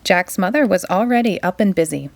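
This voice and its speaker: A woman reading a children's picture book aloud in an expressive, sing-song way. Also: mid-range voice, fairly quick. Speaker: storytime reader.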